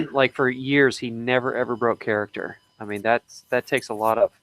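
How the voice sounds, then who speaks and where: A man hosting a casual group livestream chat, talking in halting bits with lots of ums and restarts and frequent chuckles. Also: mid-range voice, fairly even intonation, fairly bright tone, no echo. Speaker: livestream host.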